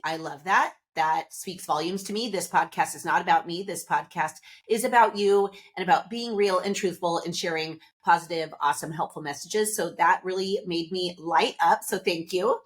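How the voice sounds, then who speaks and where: A woman's voice: on the low side, moderate pace, hardly any pauses. A woman hosting her own podcast, talking in an upbeat, candid, chatty way straight to her listeners. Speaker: podcast host. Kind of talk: casual solo podcast talk.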